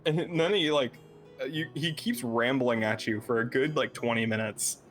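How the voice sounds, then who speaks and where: A man's voice: medium pitch, normal speed, fairly bright tone, soft background music. A man running a tabletop game as dungeon master, narrating loosely with many fillers and frequent laughs.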